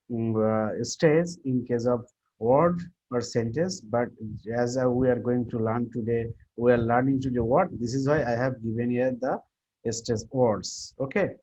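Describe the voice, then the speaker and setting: A man's voice: medium pitch, a little mellow. A man teaching a class on word stress and intonation, often repeating himself and restarting his sentences. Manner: halting, repeats himself, many fillers and restarts. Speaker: English teacher. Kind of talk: classroom lecture on pronunciation. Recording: muffled lo-fi recording.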